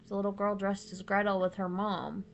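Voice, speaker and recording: A woman's voice: medium pitch, flat delivery, fairly quick, vocal fry, slight background noise. A woman co-hosting a horror podcast, chatting casually and making dry, matter-of-fact remarks about a movie. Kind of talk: casual movie review chat.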